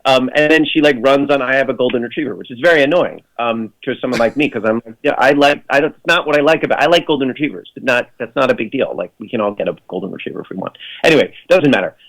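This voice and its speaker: A man's medium-pitched voice comes out quick, creaky and a bit bright, with few pauses, on a rough recording. Chatting casually as a radio guest, he rambles through fillers and restarts and makes sardonic jokes in mock voices.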